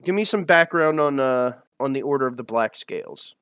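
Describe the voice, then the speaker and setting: A man's voice: medium pitch, lively intonation, a little fast, fairly bright tone, smooth, no room sound, studio quality. A man playing a tabletop game, asking blunt, questioning things of a captive. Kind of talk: casual tabletop play.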